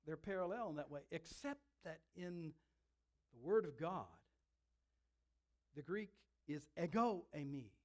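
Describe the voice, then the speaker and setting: Guy preaching a sermon, kinda high voice, dramatic, drags out the big words. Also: lively intonation, a little mellow. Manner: dramatic, emphatic preaching with slowed stresses.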